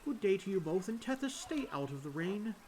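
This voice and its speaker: A man putting on a high, fretful village woman. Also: sing-song, brisk, darkish tone, slight background noise. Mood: fretful, earnest.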